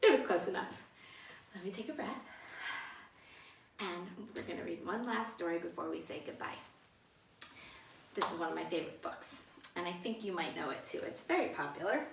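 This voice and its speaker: A woman's voice: fairly low pitch, animated, a little fast, creaky, pauses often. A woman leading a storytime for toddlers as a children's librarian, talking in a playful, sing-song way to small children. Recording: roomy sound from a distance with faint noise.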